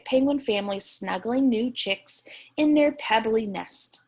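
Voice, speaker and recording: A young woman teacher reading a picture book aloud to young students, slow, gentle and encouraging, stopping to ask the class questions. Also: fairly high pitch, slightly rough.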